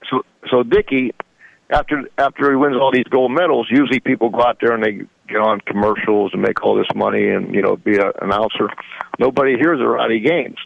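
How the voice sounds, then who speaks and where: A man's voice: medium pitch, steady tone, a little fast, vocal fry, no echo, narrow, tinny audio. A man in his sixties, a radio show guest, telling rambling stories in folksy grammar and chuckling often. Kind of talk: casual storytelling.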